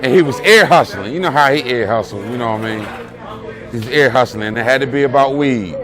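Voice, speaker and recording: A man's voice: medium pitch, fairly quick. A man, a close friend giving a rambling, streetwise spoken tribute. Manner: loose, rambling, streetwise talk with many "you know what I'm saying". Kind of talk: casual spoken memories. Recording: music and crowd chatter behind.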